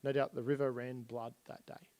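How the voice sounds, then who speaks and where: A man's voice: mid-range voice, level tone, normal speed, a little mellow. A man giving a casual Bible history lesson at a church. He retells stories in plain everyday speech while pointing at slides.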